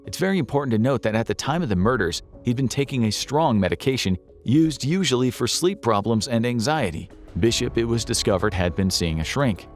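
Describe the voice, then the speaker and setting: A man reading scripted documentary narration in a measured, even storytelling manner. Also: mid-range voice, soft background music.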